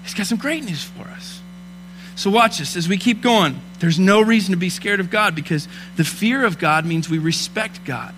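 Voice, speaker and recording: A man in his thirties preaching a sermon, telling personal stories and rising from hushed asides to loud, fervent preaching. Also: high voice, normal speed, a little hiss or hum. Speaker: pastor.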